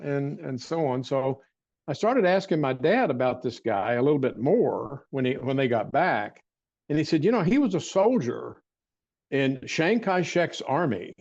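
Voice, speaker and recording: An older man telling a personal story as an interview guest, with rambling restarts and frequent throat clearing. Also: mid-range voice, a little mellow, highs cut off. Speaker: interview guest, martial arts teacher.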